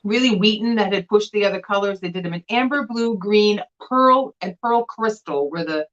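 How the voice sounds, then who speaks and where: A woman's voice: medium pitch, normal speed, highs cut off. A woman co-hosting a casual live sale stream, chatting animatedly as she shows items. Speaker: vintage glass seller and co-host.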